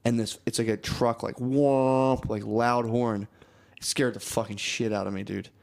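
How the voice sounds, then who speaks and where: Profane, animated male podcast co-host. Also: fairly low pitch, moderate pace, vocal fry. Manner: profane, animated storytelling with acted-out quotes. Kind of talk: casual chat.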